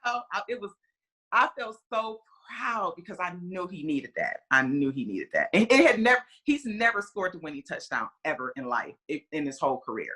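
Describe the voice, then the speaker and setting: Animated, forceful storytelling mother. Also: fairly low pitch, a little fast, slightly rough. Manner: animated, re-enacts conversations in quoted voices; rambling, frequent "you know" and "kinda". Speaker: guest, mother of a player. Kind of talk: casual storytelling interview.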